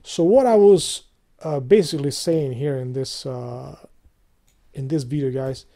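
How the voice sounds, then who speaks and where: A man talks straight to his viewers in a loose, rambling vlog, cursing freely and laughing at his own complaints. His voice sits at a middling pitch, and he jumps from shouted outbursts to quiet, muttered asides. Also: measured pace. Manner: profane, rambling, frequent laughter, swings from loud outbursts to low mutters. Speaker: video blogger. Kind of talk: casual rambling vlog rant.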